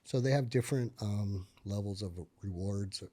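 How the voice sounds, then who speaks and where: A man, a military veteran, telling stories from his service in a casual podcast chat, full of fillers and swearing, and getting loud and animated at the tense parts. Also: lowish voice, normal speed. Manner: profane, filler-heavy, gets animated and loud when reliving tense moments. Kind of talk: casual conversational storytelling.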